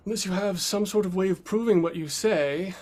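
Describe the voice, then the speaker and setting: A man doing a soft-spoken motherly sorceress. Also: high voice, a little fast, pitched above the performer's own voice, close to an everyday voice. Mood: measured. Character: calm motherly sorceress, patient and measured.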